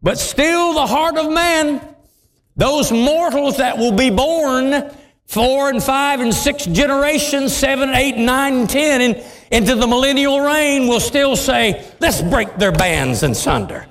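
A man preaching a sermon with impassioned, dramatic swings, dropping into deep voices for emphasis. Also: a little slow, fairly bright tone. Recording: long hall reverb.

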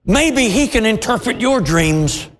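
A preacher playing a trembling royal butler. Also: male voice, sits high, very animated, a little slow, a bit bright, a little hiss or hum, pitched above the performer's own voice, full character voice. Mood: nervous. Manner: trembling, fawning. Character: nervous male royal butler. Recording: long reverb of a large hall.

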